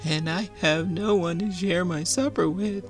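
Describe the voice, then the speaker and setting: A man playing a teeny storybook troll, lonely and tearful, with a slow, sad little voice that rises high. Faint music plays behind.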